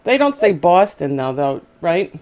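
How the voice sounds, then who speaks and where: A woman's voice: on the low side, very animated, unhurried, darkish tone. A woman hosting a casual video chat show, talking in a chatty, hesitant way with many fillers. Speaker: host.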